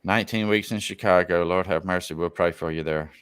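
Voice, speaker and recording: Laid-back man, low smooth voice. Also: steady tone, fairly quick, fairly bright tone. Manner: laid-back storyteller, swears freely. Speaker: live stream show host. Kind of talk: casual live-stream chat.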